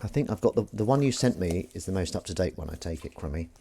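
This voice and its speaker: Chatty man, lively pitch. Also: fast, very noisy. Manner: chatty, self-mocking, reads chat aloud. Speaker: livestream host. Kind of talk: casual chat while washing up.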